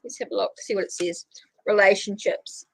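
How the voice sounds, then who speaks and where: A tarot reader with a New Zealand accent gives a casual reading on a livestream, chatting and thinking aloud as she draws cards. Her medium-pitched voice is steady and a bit bright, with vocal fry, a moderate pace, and no echo.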